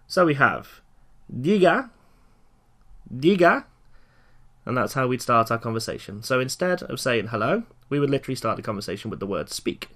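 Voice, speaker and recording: A man giving a recorded lecture for learners, slowly and clearly repeating each phrase for them to follow. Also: mid-range voice, lively intonation, bright, forceful tone. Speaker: language teacher.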